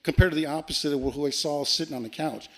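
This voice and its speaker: Fast-talking man telling a story. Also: on the high side. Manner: animated, swearing, acts out quoted lines. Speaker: podcast guest. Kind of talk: casual storytelling.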